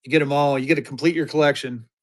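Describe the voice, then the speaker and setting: A man's voice: mid-range voice, fairly even intonation, very fast. A man hosting a live-stream auction, chatting upbeat with bidders and hyping each item as he sells it.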